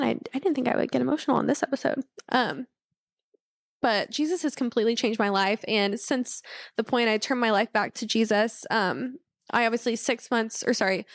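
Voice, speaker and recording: A woman's voice: mid-range voice, no echo, studio quality. Earnest young woman sharing her faith. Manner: earnest and heartfelt, with many fillers and restarts. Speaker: podcast host. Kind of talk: personal faith testimony.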